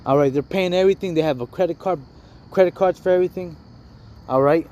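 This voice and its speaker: A man's voice: on the high side, fast, darkish tone, slight background noise. A man giving an informal sermon, reading scripture and commenting in loose street talk, saying "man" and "all right" constantly.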